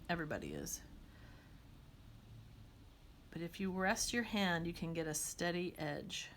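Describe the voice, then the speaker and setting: A woman's voice: on the low side, sing-song, measured pace, a bit bright, a little hiss or hum. A woman teaching a watercolor demonstration, chatting and thinking aloud as she paints.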